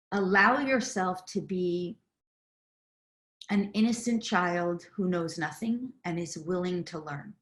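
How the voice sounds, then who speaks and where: A woman spiritual teacher and healer giving a live online talk on a video call, earnest and effusive, with loose fillers and restarts. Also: medium pitch.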